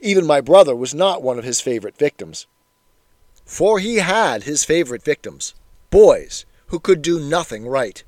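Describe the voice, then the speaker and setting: Man narrating a memoir, slightly high voice, wry and measured delivery. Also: big pitch swings, darkish tone, no room sound. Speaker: reader.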